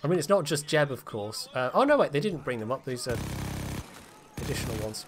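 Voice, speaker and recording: A man's voice: medium pitch, big pitch swings, a little fast. A man chatting, swearing and laughing as he commentates his own live gameplay. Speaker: streamer. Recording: noisy game audio behind.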